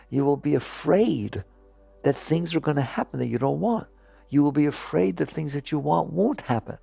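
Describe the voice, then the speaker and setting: A man's voice: on the high side, creaky, mellow, breathy edge, no echo. A man giving an earnest spiritual talk to an audience, asking rhetorical questions and chuckling as he makes his points. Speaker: spiritual teacher.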